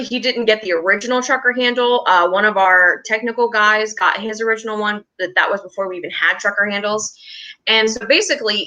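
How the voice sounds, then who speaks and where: A woman's voice: medium pitch, pushed and bright, low-quality recording. A young woman from West Virginia chatting in an interview about her touring theater troupe, rambling and restarting often. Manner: rambling, restarts often, laughs between stories. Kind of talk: casual interview chat.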